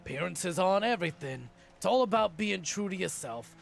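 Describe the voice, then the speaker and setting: An actor voicing a calm, philosophical male traveling merchant in a video game. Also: sits high, a little fast, gravelly, soft background music.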